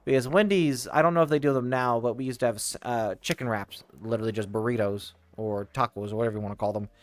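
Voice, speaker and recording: A man's voice: medium pitch, steady tone, no echo, soft background music. Rambling man telling casual stories. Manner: rambling, restarts and tangents, quick laughs. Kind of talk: casual storytelling.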